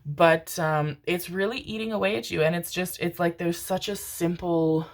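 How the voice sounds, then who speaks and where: A woman's voice: on the low side, steady tone, normal speed. A woman giving a casual tarot reading to her viewers, rambling and emotional, calling them pet names and swearing casually. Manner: tender, calls listeners pet names. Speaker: tarot reader.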